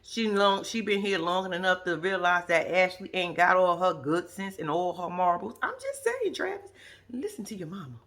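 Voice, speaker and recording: A woman giving blunt, sassy, profane running commentary as a recap vlog host. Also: normal speed. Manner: lively, swoops high for asides.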